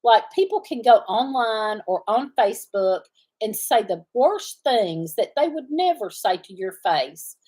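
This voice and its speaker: A middle-aged woman with a drawl talks casually to her livestream viewers from the farm. Her speech rambles from thought to thought, with frequent pauses while she searches for a word. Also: a little high, lively intonation, a little mellow. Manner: rambling, often searching for words. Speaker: farm channel host.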